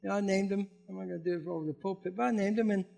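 A man's voice: sits high, steady tone, very fast, creaky, a little mellow. A man preaching a conversational sermon as a pastor, acting out quoted voices and building to emphatic peaks.

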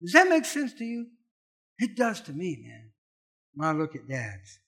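A middle-aged man preaching a sermon as a pastor, telling animated, punchy stories with emphatic repetition. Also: high-pitched, measured pace, gravelly.

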